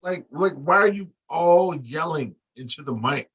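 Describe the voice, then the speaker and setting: A man's voice: a little high, a little slow, husky, poor audio. A man co-hosting a casual podcast, ranting bluntly and crudely. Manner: blunt, crude, animated rants. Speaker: podcast co-host. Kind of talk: casual profane chat.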